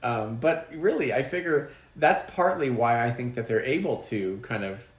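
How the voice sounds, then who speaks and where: A man's voice: medium pitch, animated, moderate pace, roomy sound. A man co-hosting a casual chat, rambling with frequent ums and restarts. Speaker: podcast co-host.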